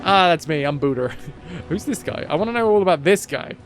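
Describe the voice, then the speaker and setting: A man with a fairly high, lively voice talks a little fast over soft background music. Streaming a game, he chats casually about the gameplay, rambling and joking and constantly cutting himself off to start over.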